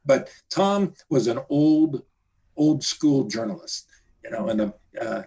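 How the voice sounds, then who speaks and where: A man, a guest journalist, reminiscing in a halting way with many fillers. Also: medium pitch, expressive, gravelly, mellow, husky. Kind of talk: casual interview chat.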